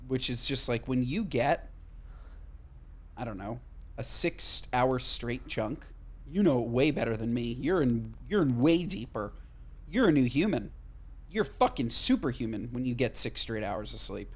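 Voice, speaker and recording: A man in his thirties co-hosting a casual podcast chat, animated and jokey, swearing freely. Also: normal speed. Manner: animated, swearing, jokey, lively pitch swings. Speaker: podcast co-host.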